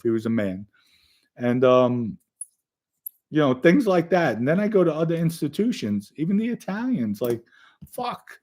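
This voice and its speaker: A man's voice: a little high, a little mellow. Blunt, profane man telling stories. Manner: direct address to young listeners. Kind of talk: casual storytelling.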